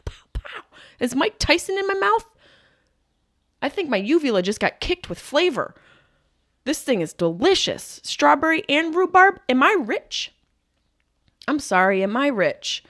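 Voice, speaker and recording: A woman hosts her podcast with a comic monologue full of mock outrage and swearing. Her pitch leaps around wildly as she acts out her grievances. The sound is close and dry, with no room in it. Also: no echo. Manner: animated, profane, riffing with mock rants. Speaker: podcast host. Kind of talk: comedic monologue.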